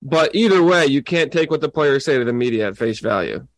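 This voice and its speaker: A man's voice: medium pitch, expressive, fairly quick, no echo. A man co-hosting a sports chat, amused and easygoing, reading quotes aloud. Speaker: podcast co-host.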